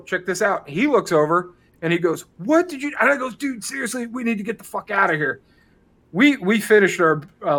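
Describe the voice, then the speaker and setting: A man's voice: high-pitched, a bit bright. An American man on a podcast telling a story in casual chat, acting out the people he quotes and swearing freely. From United States. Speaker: podcast co-host.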